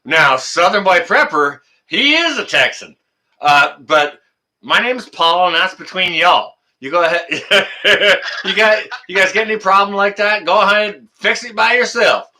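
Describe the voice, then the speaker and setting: A man from Canada hosts a casual live stream, his fairly high voice cutting bright and sharp. He breaks into excited exclamations between stretches filled with "uh"s. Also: measured pace. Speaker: livestream host.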